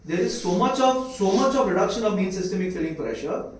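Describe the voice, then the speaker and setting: A man's voice: high-pitched, lively intonation, fairly quick. A man with an Indian accent giving a medical lecture, constantly quizzing his students with rhetorical questions. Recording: echoey room, mic far off, faint hiss.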